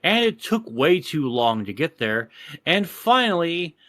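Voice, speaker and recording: A man from Texas, telling a profane, animated rant on a casual podcast. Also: on the high side, a little slow. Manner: profane, animated ranting storyteller. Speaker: podcast co-host.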